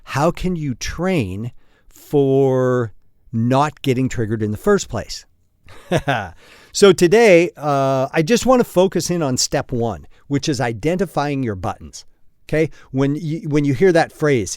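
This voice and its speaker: A man's voice: mid-range voice, animated, measured pace, a little mellow, dry recording, clean studio sound. A man hosting a casual solo podcast, talking bluntly with a lot of swearing, chuckling often and poking fun at himself. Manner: blunt and profane, with frequent chuckles; self-deprecating storyteller. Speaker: podcast host.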